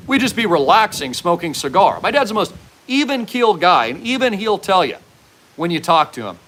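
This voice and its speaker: A man's voice: sits high, big pitch swings, a little fast, fairly bright tone, a little hiss or hum. A man hosting a commentary monologue, speaking in a fervent, preachy, raised voice. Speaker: host.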